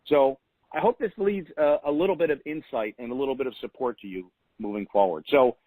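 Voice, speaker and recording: A man's voice: medium pitch, fairly quick, no room sound. Earnest man coaching on a dry phone line. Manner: earnest, repeats key phrases for emphasis. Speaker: motivational host of a weekly huddle call. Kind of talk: motivational coaching talk. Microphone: phone call.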